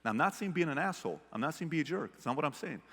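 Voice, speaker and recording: A man from the Middle East giving a motivational keynote speech to a live audience, telling stories animatedly and swinging from hushed to loud. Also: on the high side, very fast. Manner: animated storyteller, shifts from hushed to shouting. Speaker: keynote speaker. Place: large hall with audience. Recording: long hall reverb.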